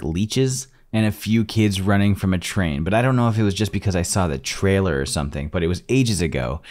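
A man's voice: deep voice, a little mellow. A man hosting a casual first-time movie reaction, chatty and thinking aloud as he goes.

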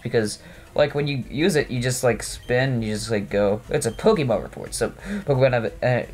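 With a medium-pitched, slightly mellow voice, a man casually narrates his video game as a let's play host. He rambles, jokes at his own expense and leans heavily on "uh" and "like." Only his voice is recorded over the gameplay, without a webcam.

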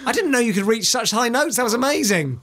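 A man's voice: very high-pitched, lively intonation, fast talker, a bit bright. A man hosting a radio game show in a studio, teasing the players and counting down mock-solemnly. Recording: radio studio with background music.

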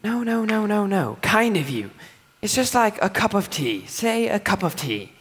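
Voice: mid-range voice, very animated, normal speed, breathy edge. A fussy, exasperated male professor, played by a performer in a school stage musical. His lecturing voice swoops up and down as he drills his pupil over and over. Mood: drilling, impatient. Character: Professor Higgins, a fussy, impatient male phonetics professor. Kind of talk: live stage musical acting.

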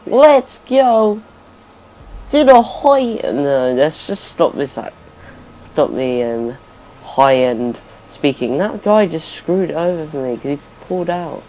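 A man's voice: medium pitch, measured pace, dark tone. A young man giving rambling, self-correcting let's play commentary over his gameplay as a gaming YouTuber.

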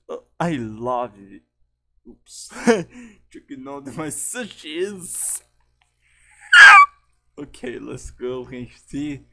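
A man hosting a casual vlog, talking in a halting way with many restarts and broken phrasing. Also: mid-range voice, gravelly. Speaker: channel host. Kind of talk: casual vlog chat about his characters.

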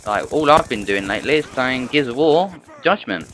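A man's voice: medium pitch, lively intonation, moderate pace, a bit bright, a little hiss or hum, low-quality recording. A young man giving rambling gameplay commentary, chatty and full of rhetorical questions to his viewers. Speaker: gaming channel host.

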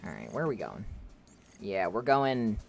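A woman's voice: extremely low pitch, wildly swooping pitch, moderate pace, vocal fry, a little mellow, slight background noise. A woman streaming a game, chatting with her viewers, joking and laughing often. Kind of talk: casual gaming stream commentary.

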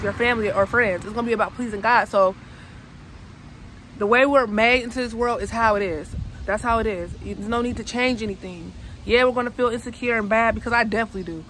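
Young woman vlogger, heartfelt, conversational, speaks outdoors with faint city noise behind. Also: fairly high pitch. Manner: conversational, addresses viewers as y'all, emotional. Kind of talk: casual heartfelt vlog talk.

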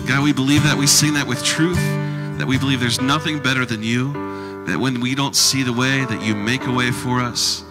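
A man leading worship, praying slowly and earnestly to the congregation. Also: medium pitch, fairly even intonation, over loud music. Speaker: worship leader. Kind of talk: spoken prayer over music.

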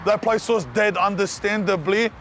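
A young man with an Australian accent hosting a casual food vlog outdoors, talking in excited slang to the viewer. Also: sits high, moderate pace, slight background noise. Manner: excited slangy banter, calls the viewer cuz and bro. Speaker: food vlogger host. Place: outdoors at street food trucks.

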